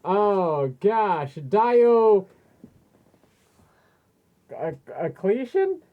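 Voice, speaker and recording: A woman's voice: mid-range voice, animated, extremely slow. A woman casually reading history facts aloud, stumbling over names and laughing often. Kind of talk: casual chat reading from screen. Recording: tinny phone-like sound.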